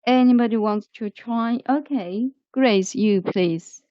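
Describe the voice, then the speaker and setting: Slow-speaking woman teaching English vocabulary. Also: fairly high pitch, dark tone, dry recording, highs cut off. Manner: slow, repetitive, explains word by word. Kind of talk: online class lesson.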